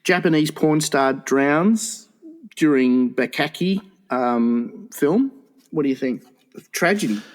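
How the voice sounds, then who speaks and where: Rambling, swearing podcast host. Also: male voice, a little high, slow pace. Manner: rambling, profane, stumbling restarts. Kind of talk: casual podcast banter.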